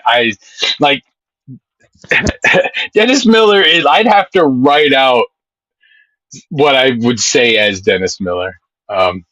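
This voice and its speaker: Excitable, rambling streamer man with bright tone. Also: medium pitch, no room sound, poor audio. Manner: rambling and excitable, swears freely, reads chat aloud. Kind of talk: casual live-stream chat.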